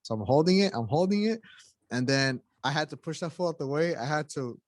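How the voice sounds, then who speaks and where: A man's voice: a little high, lively intonation, fairly quick, dry recording. A young man co-hosting a podcast, telling casual stories to his friends in a loose, profane way and laughing as he goes. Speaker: podcast co-host. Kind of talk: casual storytelling among friends.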